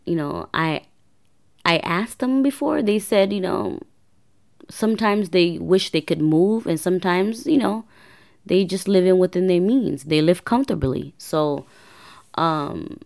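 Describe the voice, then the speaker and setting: A woman with a notably low voice hosts a personal podcast. She tells her story casually, rambling and restarting as she goes. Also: a little mellow. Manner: rambling, self-correcting, chatty. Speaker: podcast host.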